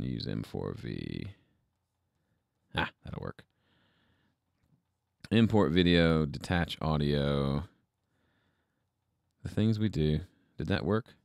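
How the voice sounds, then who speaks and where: A man with a very low, smooth voice hosts a casual livestream from his home studio. He thinks aloud as he works, rambling and poking fun at himself. The sound is dry and close. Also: a little mellow, no echo. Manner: rambling, self-deprecating, thinks aloud while troubleshooting. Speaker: livestream host.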